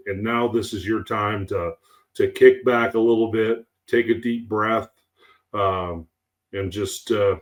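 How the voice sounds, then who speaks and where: A man co-hosting a podcast, chatting casually and rambling with lots of fillers. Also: on the low side. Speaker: podcast co-host.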